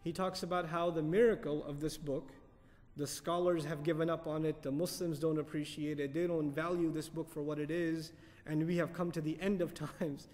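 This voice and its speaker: A man lecturing on Quran commentary, animated, asking the audience questions and reciting Arabic verses quickly. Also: on the high side, long reverb tail, soft background music. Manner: animated, asks the audience questions and answers them. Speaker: Quran teacher.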